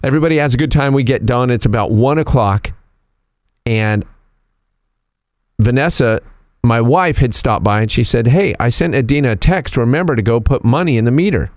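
A man hosting a radio show, telling a story in a casual, animated, teasing way. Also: medium pitch, moderate pace, dry recording.

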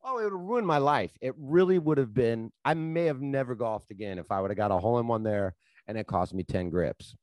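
Profane animated man telling stories. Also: medium pitch, fairly quick, no room sound. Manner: profane, animated storyteller, laughs at his own stories. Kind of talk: casual storytelling chat.

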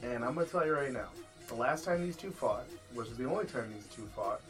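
A man hosting a casual podcast chat, swearing freely and laughing as he tells animated stories. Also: medium pitch, quick pace, music in the background. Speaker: podcast host.

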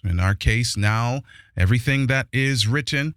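A man preaching a sermon who reads scripture slowly and with emphasis, then explains it with force. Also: mid-range voice, very animated, fairly bright tone, dry recording, studio quality.

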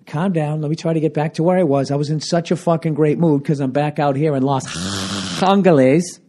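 A man, a stand-up comedian, talking alone into a handheld recorder for his podcast. He swears constantly, rants in a lively way, and his voice is still cracking. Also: fairly high pitch, quick pace. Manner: profane, ranting, animated. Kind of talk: solo podcast monologue.

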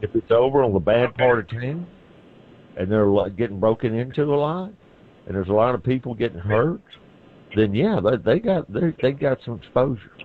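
A man's voice: mid-range voice, lively intonation, normal speed. A man with a Southern accent, a constitutional lawyer from Tennessee, answering listeners' legal questions on a call-in radio show in plain, folksy terms. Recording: tinny phone line.

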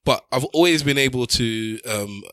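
A man's voice: medium pitch, moderate pace, a bit bright, dry recording. A man in casual group chat, rambling and jokey with many restarts.

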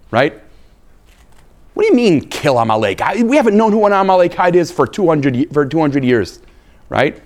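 Animated male rabbi lecturing. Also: on the high side. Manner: animated, emphatic, peppers points with "right?" and "okay?". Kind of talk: live lecture to an audience.

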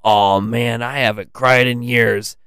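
A man voicing a brash, teasing middle-aged uncle with a loud, ribbing delivery in a storybook podcast. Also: mid-range voice, steady tone, slow pace, smooth, no echo, clean studio sound.

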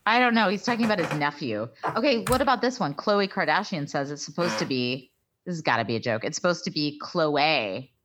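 A woman co-hosting a podcast in casual, animated, jokey chat. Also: lowish voice, fast talker, background noise. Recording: dull lo-fi sound.

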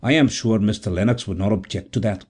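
A man voicing a big, earnest young man from a storybook, speaking gravely and tenderly. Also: fairly low pitch, fairly quick, a little mellow.

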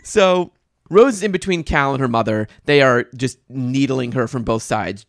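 A woman's voice: rumbling low, moderate pace, no echo, clean studio sound. A woman co-hosting a podcast, recapping a movie in casual, sarcastic chat and laughing often. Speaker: podcast co-host.

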